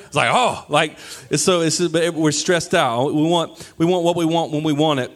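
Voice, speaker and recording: Animated preacher man. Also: on the high side, fast. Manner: animated, acts out quoted voices, jokes with the congregation. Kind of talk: lively conversational sermon.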